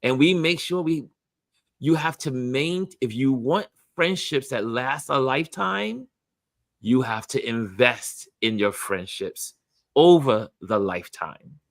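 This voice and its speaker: Animated, lively man hosting a chat. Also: mid-range voice, slow, vocal fry, no echo, clean studio sound. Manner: animated, acts out quoted voices. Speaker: host. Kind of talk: casual motivational chat.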